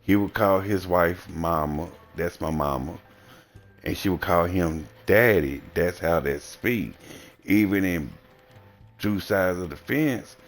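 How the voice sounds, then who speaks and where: A man's voice: low-pitched, takes it slowly, faint music behind. A man with a Southern American accent, livestreaming a blunt, rambling and profane casual monologue. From Southern United States.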